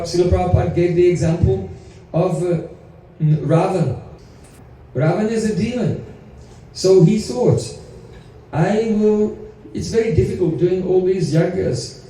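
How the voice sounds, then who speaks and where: A man's voice: sits high, warm tone, recorded from a distance, a little hiss or hum. A man giving a devotional lecture as a spiritual teacher, explaining with stories and rhetorical questions. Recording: very echoey room, voice from afar.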